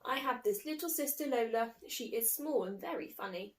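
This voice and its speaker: A woman reading a children's picture book aloud in an expressive, lively way. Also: a little high, moderate pace. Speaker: storybook reader.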